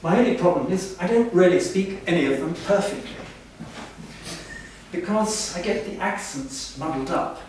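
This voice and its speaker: Give me a man playing a boastful, self-important professor, voice a bit high, recorded far off in a hall. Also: animated, moderate pace, darkish tone, slight background noise. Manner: pompous, boastful. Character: pompous self-important male language professor. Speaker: comic stage performer. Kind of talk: stage comedy sketch. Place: village hall stage. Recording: echoey hall, mic far off.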